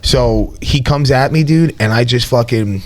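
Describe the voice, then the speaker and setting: A man co-hosting a podcast, telling a wild story in a casual, profane, animated way. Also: mid-range voice, unhurried. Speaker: podcast co-host.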